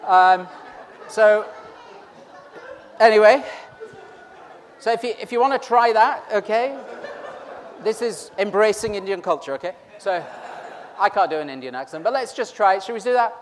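A man's voice: high-pitched, moderate pace, pauses often, a faint crowd. A man preaching an interactive Easter sermon, chatty and teasing as he pulls the congregation in. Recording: long reverb of a large hall.

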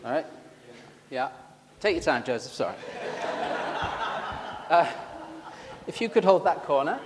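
During a church service, a Yorkshire-accented man delivers a chatty, joking sermon in a slightly high, expressive, unhurried voice, talking with the congregation and poking fun at himself. The recording is very noisy with a long reverb tail.

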